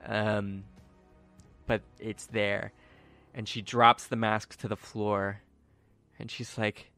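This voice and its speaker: A man's voice: lowish voice, level tone, slow pace, pauses often, bright, forceful tone, no room sound, faint music behind. A man acting as game master, narrating a tabletop game casually with many fillers.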